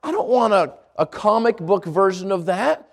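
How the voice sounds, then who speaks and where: A man with a noticeably high voice leads an informal Bible lesson in church. He talks conversationally, stumbles and restarts words, and keeps checking in with the room by asking "right?". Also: sing-song, normal speed. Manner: conversational, repeats himself and asks the room "right?". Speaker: preacher teaching a Bible class.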